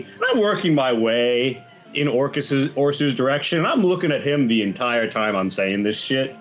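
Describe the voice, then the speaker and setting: A man's voice: mid-range voice, animated, moderate pace. A man playing in a tabletop role-playing game, talking casually and profanely, on slightly dull audio with faint music. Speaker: player.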